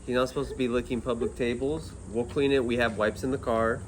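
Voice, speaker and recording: A man's voice: mid-range voice, fairly even intonation, fairly quick, a little hiss or hum. A man vlogging casually about getting pup cups for his parrot and dog, talking playfully to his pets. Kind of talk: casual vlog chat.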